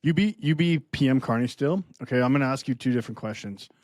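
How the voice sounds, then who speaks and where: A man's voice: mid-range voice, lively intonation, fast talker, darkish tone, no echo. A man co-hosting a podcast in casual chat, teasing and laughing often. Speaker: podcast co-host.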